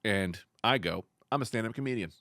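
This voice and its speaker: A man's voice: lowish voice, brisk, no room sound, clean studio sound. A man co-hosting a comedy podcast, telling stories in a casual chat and acting out the lines. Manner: animated storytelling, acts out lines.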